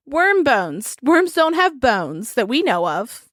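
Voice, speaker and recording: A woman's voice: high voice, big pitch swings, slow, no echo, clean studio sound. A woman co-hosting a podcast, retelling a folktale in a casual, profane, giggly way. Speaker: podcast co-host. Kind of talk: casual storytelling chat.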